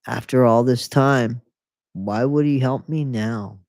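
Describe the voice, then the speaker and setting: A host reads a memoir aloud, then cuts in with snide asides and laughter. The voice sits at a medium pitch. The recording is dry and close, with little room sound. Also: slow, darkish tone, no room sound. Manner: mocking, laughs often, sarcastic asides. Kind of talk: book reading with sarcastic commentary.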